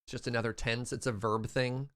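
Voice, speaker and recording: A young man from Western Canada chatting casually while streaming a game, quick to laugh and reading out chat. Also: medium pitch, flat delivery, fairly bright tone. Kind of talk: casual gameplay livestream chat.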